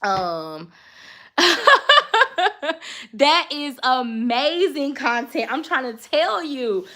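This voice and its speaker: A woman's voice: sits high, expressive, extremely slow. A woman in her thirties chatting casually while folding laundry, encouraging her viewers, often laughing and openly emotional. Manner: warmly emotional, faith-minded. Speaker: lifestyle content creator and mom.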